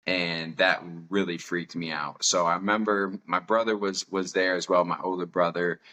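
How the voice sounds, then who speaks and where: A young man with a deep voice that still has a bright, forceful edge tells a personal story. His manner is candid and self-mocking, and he laughs often. He sounds like a podcast host talking loosely, not reading from a script. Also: fairly even intonation, moderate pace.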